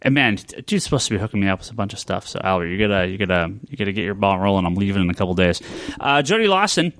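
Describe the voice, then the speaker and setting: A man's voice: sits low, big pitch swings, racing, a bit bright, no room sound. A man hosting a comics podcast in casual chat, reading a long list of backer names and stumbling over some of them. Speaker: podcast host.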